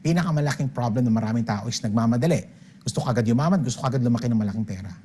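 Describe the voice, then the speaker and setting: A man's voice: mid-range voice, lively intonation, very fast, warm tone, slight background noise. An older man with a Filipino accent giving an emphatic seminar talk on money, switching between English and Tagalog and checking in with "okay?". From Philippines. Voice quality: emphatic, punctuates points with "okay?". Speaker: financial speaker.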